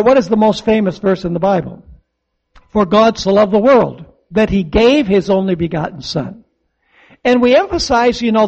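High-voiced preaching pastor, lo-fi. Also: male voice, a little mellow. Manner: emphatic preaching with call-and-response questions. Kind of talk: sermon.

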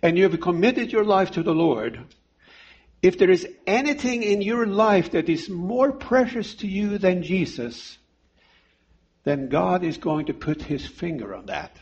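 A middle-aged male preacher delivers a sermon in an unhurried, emphatic cadence. His voice is husky and sits a little high for a man. The recording sounds dull and lo-fi. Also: expressive, darkish tone. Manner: slow, deliberate, emphatic delivery with pauses.

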